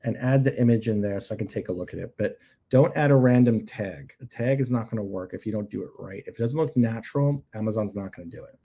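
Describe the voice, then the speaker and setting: A man with a lowish, mellow voice talks fast while hosting a live show. He chats casually and critiques product listings on his screen, tossing in joking asides and emphatic repeats as a livestream host.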